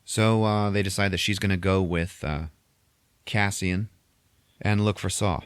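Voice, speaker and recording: A man's voice: low-pitched, fairly even intonation, measured pace, smooth, no echo. A man hosting a podcast, retelling a movie in a rambling, profane way. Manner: rambling, heavy swearing, acts out scenes. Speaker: podcast host. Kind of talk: casual profane movie recap.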